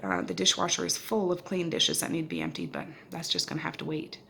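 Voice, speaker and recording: A woman's voice: sits low, sing-song, fast talker, creaky, sharp tone, a little hiss or hum. A middle-aged woman vlogging her day at home on a handheld phone, talking in a chatty, homely way straight to her viewers. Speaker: vlogger and mother. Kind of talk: casual day-in-the-life vlog narration. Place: home and car, in Nova Scotia. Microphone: handheld phone camera.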